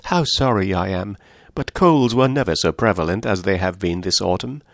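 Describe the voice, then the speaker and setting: A man voicing an eager, affectionate young mother who chats warmly. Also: low-pitched, lively intonation, moderate pace, dry recording, clean studio sound.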